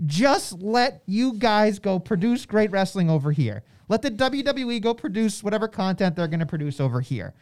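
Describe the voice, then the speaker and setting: A woman's voice: mid-range voice, moderate pace, hardly any pauses. A woman co-hosting a podcast, chatting casually and ranting with strong opinions. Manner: animated ranting, acts out quotes in mock voices. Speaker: podcast co-host.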